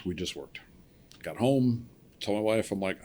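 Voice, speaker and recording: Low-voiced man telling a lively story. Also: unhurried, pauses often, slight background noise. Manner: animated storyteller acting out quoted voices, laughing. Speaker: podcast guest, cable splicer. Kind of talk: casual storytelling.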